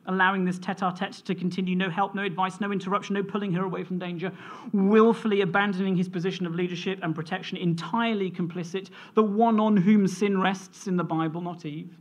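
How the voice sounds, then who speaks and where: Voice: mid-range voice, steady tone, a little fast. A preacher delivering a sermon in an earnest, storytelling manner, reading scripture and sharing a family anecdote.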